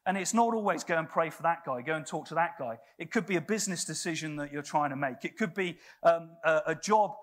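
A man's voice: a little high, a little fast, few pauses, a bit bright. A man preaching a sermon in a church, telling stories in a conversational way with frequent restarts.

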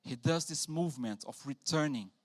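A man preaching a sermon in a church, animated, acting out quotes with sudden loud bursts. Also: on the high side, moderate pace. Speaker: pastor.

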